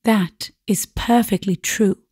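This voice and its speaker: A woman's voice: medium pitch, steady tone, slow pace, darkish tone, slightly rough, no room sound, clean studio sound. A woman reading the part of a timid, vague younger spinster sister who speaks meekly and hesitantly. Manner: meek and hesitant.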